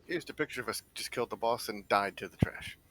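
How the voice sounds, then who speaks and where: A man in an online game raid's voice chat, offering quick helpful tips. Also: on the low side, fairly bright tone. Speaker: raid member.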